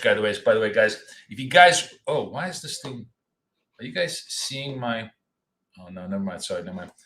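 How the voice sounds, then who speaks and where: A man's voice: lowish voice, lively intonation, normal speed, fairly bright tone, reverberant. A man co-hosting a live trading stream in a casual, joking way, blunt and swearing freely. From Russia. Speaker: trading show co-host.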